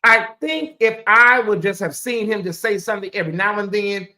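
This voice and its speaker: A woman's voice: medium pitch, fairly quick, pushed and bright. A woman hosting a casual livestream, rambling in a loose, repetitive way and talking straight to her chat. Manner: rambling, repeats phrases, talks to chat. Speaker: livestream host.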